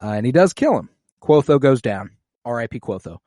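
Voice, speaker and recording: A man's voice: mid-range voice, big pitch swings, warm tone, no echo. Male co-host, dry close mic, casual and profane, acts out lines as he recaps. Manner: profane, recaps scenes acting out lines in quick voices. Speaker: podcast co-host. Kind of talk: casual rewatch podcast chat.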